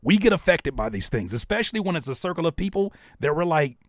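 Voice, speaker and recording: A man's voice: on the high side, very animated, fast talker, no echo, studio quality. A man who raps and produces, hosting a live stream with casual, slangy commentary. He repeats phrases for emphasis and acts out other people's remarks.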